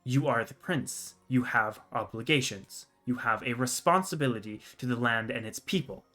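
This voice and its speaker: A commanding king lays down the law in a loud, formal, unbending voice, his tone sitting in a middling register. A man acts him out during a tabletop game. Background music plays faintly. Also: mid-range voice, normal speed. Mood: stern.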